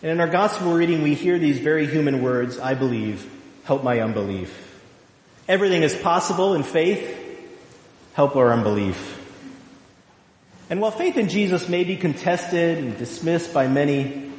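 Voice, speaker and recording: A male pastor giving a sermon, slow and emphatic, with drawn-out phrases. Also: fairly high pitch, expressive, a little mellow. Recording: echoey hall.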